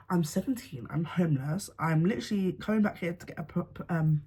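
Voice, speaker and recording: A woman's voice: medium pitch, moderate pace, mellow, breathy edge. A young woman, candidly telling a personal story to camera in casual slang, swearing freely. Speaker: vlogger.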